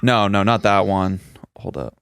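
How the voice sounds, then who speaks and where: A young man co-hosting a podcast in a relaxed, slangy, casual way with lots of fillers. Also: deep voice, a little slow, gravelly, clear, resonant tone. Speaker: podcast co-host. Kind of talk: casual chat.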